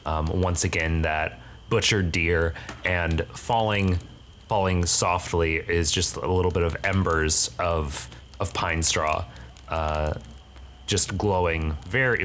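A young man with a very low voice runs a tabletop game as its game master. He narrates haltingly, full of fillers and restarts, over a faint hum of background noise. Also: a bit bright. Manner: hesitant, many fillers and restarts.

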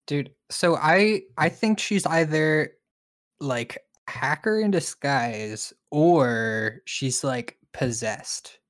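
Slow, relaxed co-host who laughs a lot. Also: mid-range voice. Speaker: podcast co-host. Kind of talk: casual chat.

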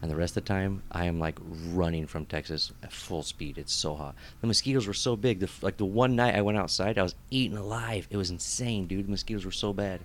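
Young adult male co-host, low-pitched, lively and jokey, faint ambience. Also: a little fast, few pauses, a little hiss or hum. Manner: animated, joking storyteller with frequent laughs. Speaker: podcast co-host. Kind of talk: casual chat.

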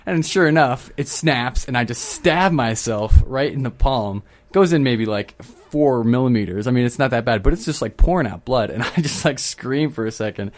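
A man's voice: medium pitch, moderate pace, few pauses. A young man co-hosting a podcast, chatting casually and telling a story with frequent laughs. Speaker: podcast co-host. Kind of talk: casual chat.

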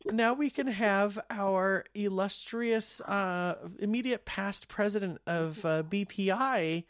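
A woman co-hosting an online meeting, chatting casually about voice tools and often pausing on fillers and restarts. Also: mid-range voice, no room sound, studio quality. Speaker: co-host demonstrating AI voice tools.

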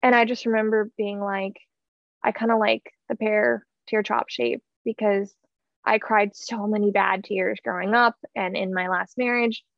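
Earnest woman with a gravelly voice. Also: mid-range voice, fairly even intonation, measured pace, a bit bright, no room sound, muffled recording. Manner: heartfelt, earnest, many fillers and restarts. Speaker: guest sharing her story. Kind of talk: emotional personal storytelling.

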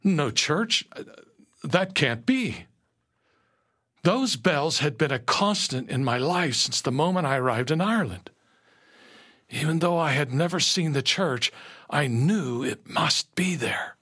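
A man narrating a first-person story slowly and earnestly, dropping to a hush at moments. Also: a little high, animated, husky. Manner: slow, earnest storytelling with quiet hushed moments.

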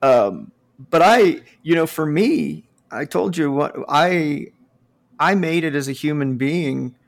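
Gravelly northern US man telling stories. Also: mid-range voice. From northern United States. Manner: animated, swearing, laughing storyteller. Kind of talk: casual storytelling chat.

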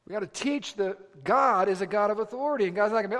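A middle-aged male pastor preaching a sermon, moving between hushed, pleading passages and loud, urgent exhortation. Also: sits high, quick pace, hardly any pauses. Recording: reverberant hall.

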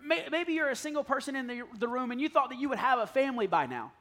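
High, lively man preaching a candid sermon. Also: fast. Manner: candid, swings from hushed to loud and pleading. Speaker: pastor. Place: church hall.

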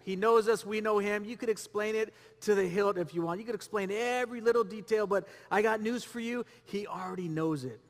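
Guy preaching, really high voice, lots of rhetorical questions, long echo like a big church hall. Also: fairly quick, hardly any pauses. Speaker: pastor. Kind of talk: sermon.

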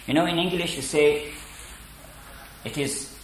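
A man giving a spoken lecture on poetry, deliberate and halting with many fillers. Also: on the high side, fairly even intonation, a little hiss or hum. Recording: echoey room.

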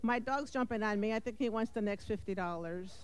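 A woman's voice: mid-range voice, brisk, clear, resonant tone. A woman announcing door prize winners at a live event, laughing and stumbling over her words.

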